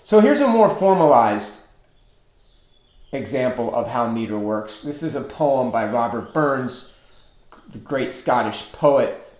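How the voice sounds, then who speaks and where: Slow, deliberate male poetry teacher. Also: mid-range voice, animated, darkish tone, roomy sound. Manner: deliberate, counts out stressed and unstressed syllables. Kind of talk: webinar lecture on poetry.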